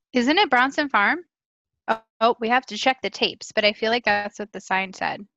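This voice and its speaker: A woman's voice: a little high, normal speed, vocal fry, sharp tone, no echo. A woman co-hosting a podcast, chatting in a playful, upbeat way about a TV show. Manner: playful, upbeat, laughs easily. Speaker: podcast co-host. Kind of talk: casual chat. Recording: slightly dull, dry recording.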